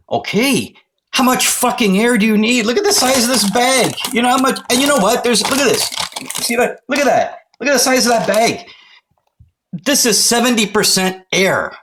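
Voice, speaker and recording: A middle-aged man from the Toronto area, ranting to camera in a loud, exasperated, profane comic rant. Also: high-pitched, a little hiss or hum. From Canada, Toronto area.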